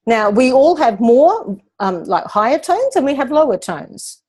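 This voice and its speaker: A woman speaking coach explains her ideas in a calm, measured way. Her voice sits a little low and rounded. She teaches patiently, as in a question-and-answer session. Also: husky. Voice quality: lowish, resonant speaking voice.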